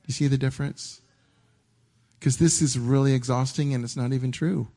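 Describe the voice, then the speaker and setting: This sermon comes at a moderate pace from a man with a medium-pitched voice standing on a church stage. His style is conversational and animated; he repeats himself, restarts after stumbles, and dramatizes what he's thinking to himself.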